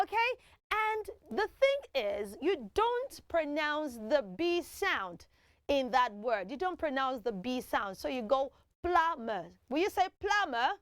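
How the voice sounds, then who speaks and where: A woman hosting a children's TV show, teaching in an animated way and having kids repeat words after her. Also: high-pitched, dry recording. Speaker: children's TV host.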